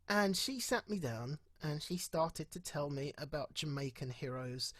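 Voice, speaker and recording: A middle-aged man speaks in a husky, slightly breathy voice. He tells personal stories in a candid way and often stops to laugh. His words come dry and close, with no room sound. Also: a little high, fairly bright tone, no echo. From England. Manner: candid, laughs often, repeats phrases for emphasis. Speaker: speaker at an online festival. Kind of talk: personal storytelling talk.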